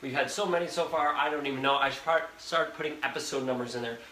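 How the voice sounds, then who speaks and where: A man's voice: mid-range voice, rapid-fire, sharp tone. A young man hosting a live cooking stream from his home kitchen, chatting and rambling straight to his viewers. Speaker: host of a live cooking show. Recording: echoey kitchen with background noise. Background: fan noise.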